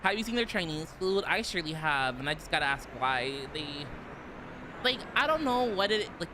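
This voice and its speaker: A man's voice: high-pitched, big pitch swings, fairly quick, background noise. A young man streaming casually, rambling and giggling, with lots of "like" fillers. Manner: rambling, giggly, heavy use of "like". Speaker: vtuber streamer.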